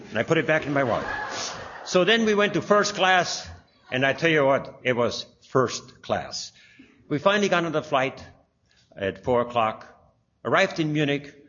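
A man's voice: fairly high pitch, fairly bright tone. Older man telling a rambling story. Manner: rambling, with many filler sounds and restarts. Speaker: speaker sharing a personal testimony. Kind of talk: anecdotal storytelling. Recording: dull lo-fi recording.

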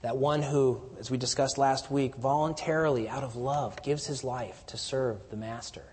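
Husky-voiced preacher in a reverberant hall. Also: male voice, fairly even intonation, normal speed, a little mellow. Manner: teaching verse by verse, rising to emphatic declarations then dropping low. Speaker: pastor. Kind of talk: expository sermon.

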